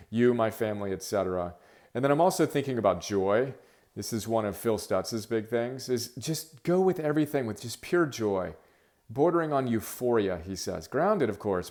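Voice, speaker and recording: A middle-aged man hosting his own podcast, talking solo in an energetic, emphatic, rambling way with many fillers. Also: lowish voice. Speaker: podcast host. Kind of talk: casual solo monologue.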